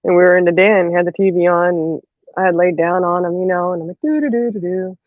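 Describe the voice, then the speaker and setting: A woman's voice: lowish voice, fast, dry recording. A woman hosting a casual chat, telling family stories with lots of laughter and "you know"s, acting out the voices of the people in them. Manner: lively storyteller who acts out quotes, laughs often, says "you know" a lot. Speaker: host. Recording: dull, muffled audio.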